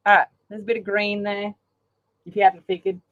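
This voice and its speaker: A woman's voice: mid-range voice, level tone, a little fast, dry recording, dull audio. A woman chatting casually while she colours, rambling along with lots of ums. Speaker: colouring channel host. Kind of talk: casual chat while colouring on a live stream.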